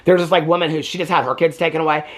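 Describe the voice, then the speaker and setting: Fast, rambling man recapping a movie. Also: a little high, level tone. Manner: rambling, chatty, heavy filler "like", acts out quotes. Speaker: movie reviewer.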